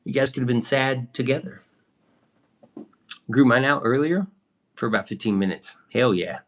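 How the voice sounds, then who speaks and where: On his livestream, a young man talks loosely in a mid-range voice at normal speed, often pausing. He answers what viewers write and cusses now and again.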